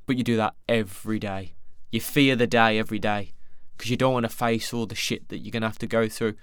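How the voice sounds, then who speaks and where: A man's voice: on the low side, fairly even intonation, fairly quick, clean tone, dry recording, clean studio sound. A young man hosting his own podcast, talking in a candid, rambling way and swearing casually. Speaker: podcast host. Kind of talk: solo podcast monologue.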